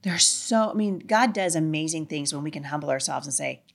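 A middle-aged woman, a guest on a talk show, telling a personal story with animated, acted-out quotes. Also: sits low, fairly quick, gravelly. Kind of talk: storytelling conversation.

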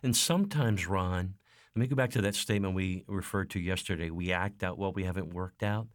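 Male talk show co-host, lowish voice, reflective, dry studio mic. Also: fairly quick, no room sound. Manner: reflective, agreeing, speaks from the child's view. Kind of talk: radio talk show conversation.

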